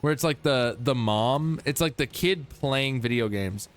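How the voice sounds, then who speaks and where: A man's voice: mid-range voice, measured pace. Chill guy streaming a game, swears a lot, talks to chat, faint music behind. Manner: laid-back, swears, laughs, talks to chat. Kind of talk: casual gameplay commentary.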